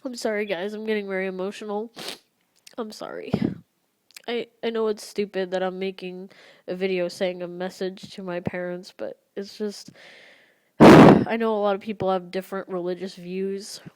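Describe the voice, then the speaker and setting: A young woman speaking in a personal confessional vlog, halting and emotional, recorded close in a dry room. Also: medium pitch, little pitch movement, darkish tone, clean tone, dry recording. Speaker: vlogger.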